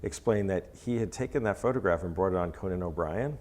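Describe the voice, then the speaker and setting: A man being interviewed about his photography, talking in a hesitant, rambling way with many pauses. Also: sits low, darkish tone. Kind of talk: casual interview.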